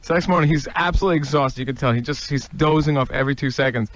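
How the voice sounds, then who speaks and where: Halting, rambling male radio guest. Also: a little high, a little hiss or hum. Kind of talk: casual radio chat.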